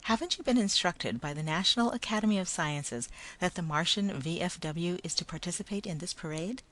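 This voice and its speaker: A woman reading a story, voicing a male Martian ant who speaks gently, politely and firmly. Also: on the low side, a little fast. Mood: calm firm. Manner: calm, polite, formal, gentle but firm.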